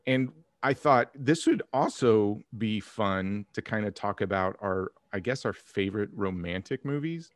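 A man in his forties co-hosting a casual podcast chat, joking and relaxed. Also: lowish voice, measured pace, hardly any pauses, no room sound. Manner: joking put-on smooth voice at first, then laughing and relaxed. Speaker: podcast co-host.

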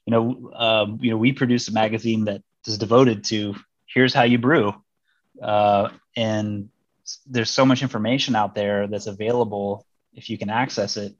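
A man's voice: on the low side, fairly even intonation, moderate pace, no room sound, dull audio. A man from Missouri, a diplomat, chatting casually as an interview guest, rambling with many fillers and restarts. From Missouri, United States.

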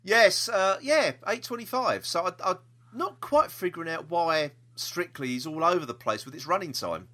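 Man, podcast co-host, bright voice, animated pitch, casual rambling chat. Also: normal speed. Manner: chatty, jokey, rambling with restarts.

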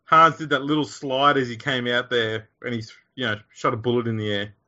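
Man, podcast host, jokey, middle pitch, lo-fi sound. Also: flat delivery, fairly quick, bright, forceful tone. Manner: joking, playful. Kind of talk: casual movie-watching chat. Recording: dull lo-fi podcast audio.

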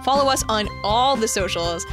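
A woman's voice: on the high side, expressive, normal speed, music in the background. A woman co-hosting a podcast, upbeat as she wraps up and reads credits. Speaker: podcast co-host. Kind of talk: casual podcast chat and outro.

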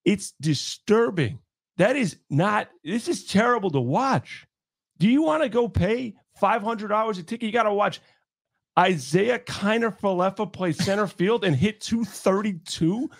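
A man co-hosts a sports talk podcast, ranting with sarcasm and animation. His voice sits high. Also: animated, measured pace.

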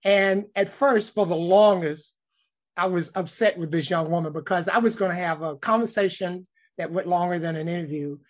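A man, a news cameraman telling a lively story in a casual interview. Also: sits high, moderate pace. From Alabama, United States. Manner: animated storyteller, acts out quoted voices.

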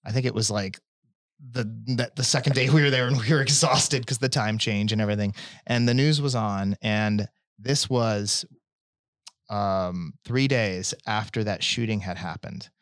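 A young man appears as a podcast guest, chatting casually and rambling, interrupting himself with restarts and laughing often. His voice is fairly low and fairly bright at a moderate pace, with clean studio sound and no room sound.

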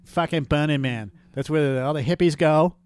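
Give me a man swearing casually on a comedy podcast, with a clean, clear tone. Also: a little high, moderate pace, a little mellow. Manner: crude joking, frequent swearing. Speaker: podcast co-host.

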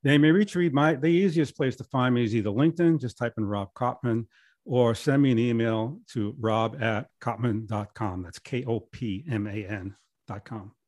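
A man's voice: mid-range voice, normal speed, darkish tone, no room sound, studio quality. Middle-aged man telling stories casually. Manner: rambling anecdotes with many restarts. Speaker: podcast guest. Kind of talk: casual storytelling.

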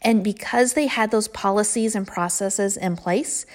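Female podcast host, measured summarizer, mid-range voice. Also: mid-range voice. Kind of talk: podcast interview.

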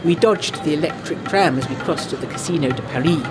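A woman narrating a letter in an audio drama, eager and gossipy with quick asides. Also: deep voice, natural voice. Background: jazz music.

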